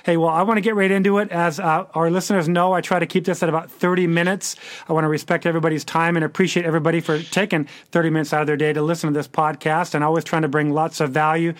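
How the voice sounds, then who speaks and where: A man's voice: fairly high pitch, level tone, quick pace, dry recording. A man hosting a podcast, chatty and often stumbling over his words. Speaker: podcast host. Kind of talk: casual interview hosting.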